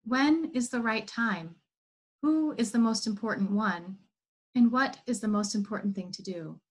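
A woman's voice: on the high side, a little slow. A woman voicing an earnest, tired king who pleads for answers in a spoken parable.

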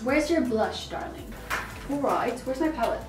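A woman's voice: on the high side, expressive, moderate pace, echoey room, recorded from a distance. A young woman doing her friend's makeup, playful and bubbly, chatting casually and squealing now and then. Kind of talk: casual chat.

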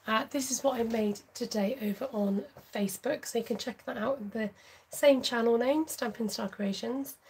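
A woman with a slightly high, mellow voice talks through a relaxed livestream craft tutorial. Her tone carries a light husky edge, and she chats freely and laughs easily between steps. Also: rough recording. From United Kingdom. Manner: chatty, laughs often, reads viewer comments aloud. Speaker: craft channel host.

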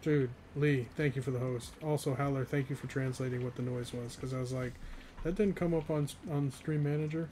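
A man's voice: mid-range voice, fairly even intonation, fairly quick, warm tone, slight background noise. A young man in his twenties, from the northeastern US, chatting casually and rambling with chat while streaming a game, often laughing.

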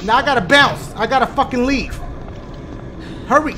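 A man doing loud, profane let's play commentary, jumping to shouts when scared. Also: very high voice, moderate pace, noisy background. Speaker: gaming video host.

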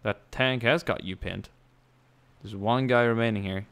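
A man giving casual commentary over a war video game, excitable and swearing often, bursting into loud yelps. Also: on the low side, measured pace, clean tone. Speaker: gameplay commentator.

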